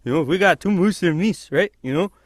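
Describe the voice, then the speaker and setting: A man's voice: high-pitched, fairly quick, no echo, clean studio sound, voice pushed up, lightly acted. A man voicing a folksy, goofy Canadian outdoorsman with a broad put-on Canadian hoser accent. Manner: broad, jokey, rambling.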